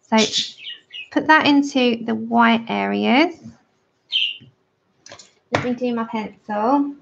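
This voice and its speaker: A woman's voice: a little high, slow pace, gravelly, noisy background. A woman giving a chatty, friendly drawing tutorial on a livestream. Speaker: art tutor. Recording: dull lo-fi livestream audio.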